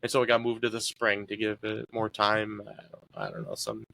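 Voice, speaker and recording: A man's voice: fairly low pitch, big pitch swings, brisk, vocal fry, sharp tone. A young man being interviewed about his sports years, talking in an easygoing, rambling way with lots of fillers. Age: young adult. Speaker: guest, college soccer player. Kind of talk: casual interview talk.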